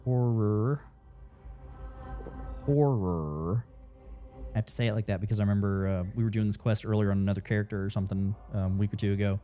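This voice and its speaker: A man's voice: fairly low pitch, completely flat delivery, rapid-fire, few pauses, mellow, faint music behind. A man chatting casually while streaming a game, rambling and swearing freely, his throat dry. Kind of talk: casual gameplay commentary. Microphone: studio desk mic.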